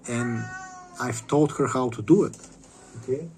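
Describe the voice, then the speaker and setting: A man rambles through a casual vlog monologue, swearing freely and stumbling over restarts. His voice sits in an ordinary middle pitch. Faint noise hums behind him. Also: unhurried, a little mellow. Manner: rambling, profane, stammering restarts.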